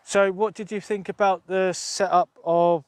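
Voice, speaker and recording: This middle-aged outdoor vlogger has a high-sitting, smooth, darkish voice with a level tone and a slightly slow pace, and there's no echo. He chats casually on a live stream from open moorland, rambling and swearing freely into a phone held at arm's length.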